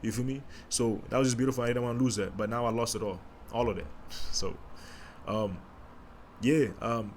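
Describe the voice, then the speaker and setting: A man hosting a podcast, speaking in a candid, emotional personal monologue with halting restarts and casual slang. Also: mid-range voice, steady tone, a little hiss or hum. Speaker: podcast host.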